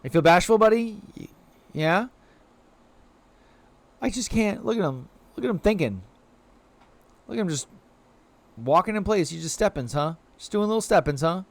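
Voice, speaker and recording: A man chats his way through a live gameplay stream, with a fairly high voice whose pitch swoops up and down as he goes. He rambles with plenty of filler words and coos playfully at the little creatures in the game. The sound is close and dry, with no room around it. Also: moderate pace, long pauses, no room sound. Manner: animated, rambling, heavy "like" fillers.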